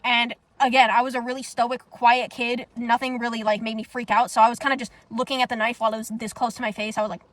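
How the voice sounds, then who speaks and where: A young woman talks fast and blunt, swearing freely as she tells her story. Her voice sits fairly high and the sound is dry and close. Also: no room sound. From United States. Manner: blunt, profane, animated storytelling. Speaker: vlogger. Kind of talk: casual storytime monologue.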